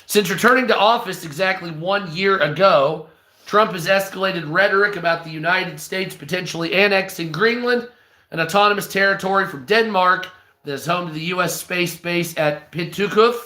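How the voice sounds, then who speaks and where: A man's voice: sits high, normal speed, pushed and bright, echoey room. A stoned man reading news aloud on a live stream, breaking off into profane, hostile, sarcastic rants.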